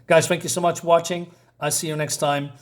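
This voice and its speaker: A man's voice: fairly high pitch, level tone, fairly quick. A man giving a casual comic book review, rambling with many fillers and self-corrections and reading the dialogue aloud in a mostly plain voice.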